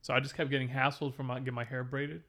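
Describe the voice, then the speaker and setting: A man's voice: medium pitch, flat delivery, fast, pushed and bright. A man co-hosting a podcast in casual chat, telling blunt, exasperated stories. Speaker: podcast co-host.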